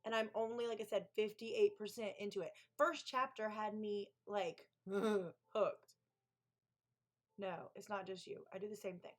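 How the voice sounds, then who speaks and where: A woman's voice: medium pitch, steady tone, measured pace. Chatty woman gushing on a live stream. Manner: gushing, chatty, answers chat aloud. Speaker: author hosting a co-working stream. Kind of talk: casual live-stream chat.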